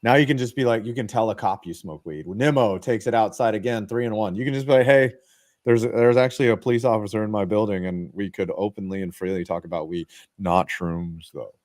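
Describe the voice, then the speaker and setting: A man hosting a casual podcast, swearing and joking while calling each pitch of a baseball game. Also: fairly quick, darkish tone. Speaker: podcast host. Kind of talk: casual chat with live baseball play-by-play.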